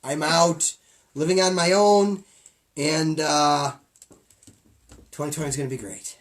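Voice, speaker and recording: A middle-aged man co-hosting a casual comedy podcast, jokey and rambling, jumping from loud bits to low mumbles. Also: steady tone, measured pace. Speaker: podcast co-host.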